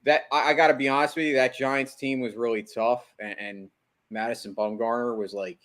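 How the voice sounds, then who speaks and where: A man's voice: mid-range voice, steady tone, brisk, a bit bright. A man co-hosts a sports podcast in easy, casual chat. He stammers a lot, often tripping on a repeated "I" before getting to his point. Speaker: podcast co-host.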